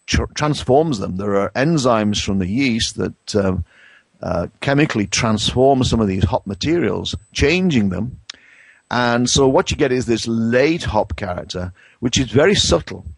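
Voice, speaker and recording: A middle-aged man with an English accent, a brewing science professor explaining things in a conversational interview, pausing and restarting often. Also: mid-range voice, expressive, creaky, husky, no room sound. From England. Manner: hesitant, many restarts and fillers.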